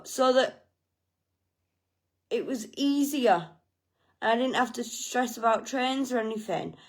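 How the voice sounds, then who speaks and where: A woman telling a personal story in a casual vlog, frank and self-mocking, with plenty of swearing. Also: a little high. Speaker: vlogger.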